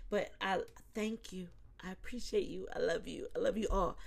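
A woman in her forties hosting a psychic podcast, chatting casually with listeners, laughing often and dropping to a soft, quiet voice when reflective. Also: medium pitch, brisk, creaky. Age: 40s.

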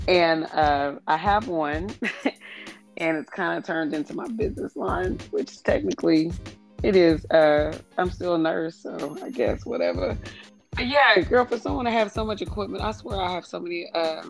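A woman hosting a podcast in casual chat, hoarse from losing her voice, frank and chatty. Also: fairly low pitch, lively intonation, normal speed, faint music behind. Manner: chatty, frank, laughs often. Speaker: podcast host.

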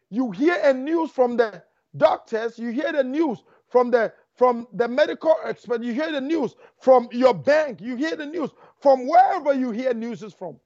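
A man preaching a fervent sermon, talking fast and repeating lines for emphasis. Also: very high voice, darkish tone, no room sound. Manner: fast, rushing delivery. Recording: dull lo-fi dry recording.

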